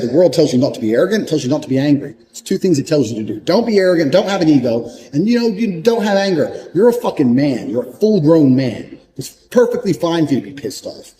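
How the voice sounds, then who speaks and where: Guy doing a swear-heavy pep talk, dark mellow voice, keeps repeating himself for punch. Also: fairly high pitch, low-quality recording. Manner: blunt, profane and emphatic; repeats points for emphasis. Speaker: motivational speaker. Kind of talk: motivational monologue.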